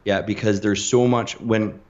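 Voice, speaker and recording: A man from western Canada, a guest on a podcast, telling lively stories in casual chat and acting out the people he quotes. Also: lowish voice, unhurried, lo-fi sound. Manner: animated storyteller who acts out the people he quotes.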